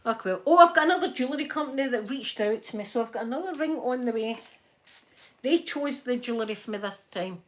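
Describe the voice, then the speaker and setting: A woman's voice: on the high side, lively intonation, fast talker. A Scottish woman from Scotland hosting a casual ASMR live stream from home while ironing, chatty and often laughing as she talks to viewers. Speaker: ASMR livestream host.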